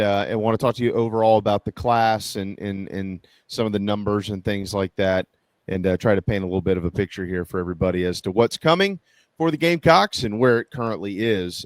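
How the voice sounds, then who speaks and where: A man's voice: lowish voice, no room sound. A man hosting a casual sports talk radio show, folksy and joking, rambling with restarts.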